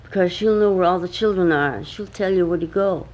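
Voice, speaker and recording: Grandmother doing the gentle old man in the moon. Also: on the low side, dull audio, lightly acted. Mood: kindly. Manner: reassuring, slow and patient.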